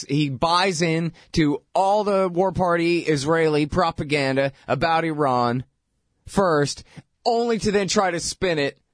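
A man hosting a talk show, giving a sarcastic, animated political monologue that is full of mocking impressions. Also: no room sound, clean studio sound. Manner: animated, rising pitch when exasperated. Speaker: radio host.

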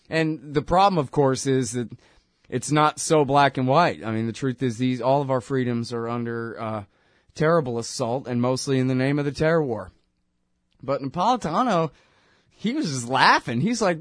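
A man's voice: mid-range voice, moderate pace, dry recording. Guy hosting a talk show, rambles, sarcastic, dry close mic. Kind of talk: casual opinion talk.

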